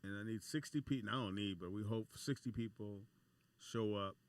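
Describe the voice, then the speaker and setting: A man about sixty hosting a casual talk radio show, giving loose shout-outs and taking calls. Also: fairly low pitch, moderate pace. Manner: loose, laid-back, full of shout-outs.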